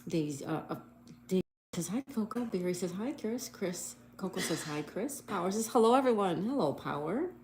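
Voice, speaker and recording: With a lowish, darkish voice, a woman hosts a relaxed livestream at a moderate pace, animated as she cheerfully spells words letter by letter. She also reads viewer comments aloud, and there's slight background noise.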